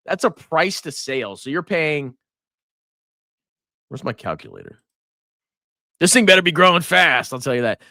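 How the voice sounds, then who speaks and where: A man hosting a finance livestream, ranting and mocking in an animated voice that swings between loud outbursts and mutters. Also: on the high side, moderate pace, long pauses, no echo, studio quality. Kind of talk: livestream rant and stock commentary.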